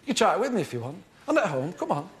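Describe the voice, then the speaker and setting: A male performer doing live stand-up character comedy in a television studio plays an earnest, fussy middle-aged amateur acting teacher. He instructs rapid-fire in a high voice, deadpan, pedantic and self-important, with heavy background noise and laughter from the live audience.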